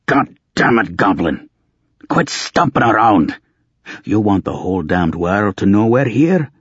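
A man's voice: sits low, unhurried, gravelly, a little mellow, husky, no room sound, highs cut off, full character voice. A man doing a snarling, foul-mouthed old wizard. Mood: barking. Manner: snarling, barking threats.

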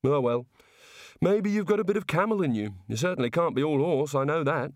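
A man's voice: a little high, animated, fairly quick, a little mellow, dry recording, studio quality, voice pushed up, lightly acted. A man voicing a weary, put-upon wizard who mutters grumbling asides. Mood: wry.

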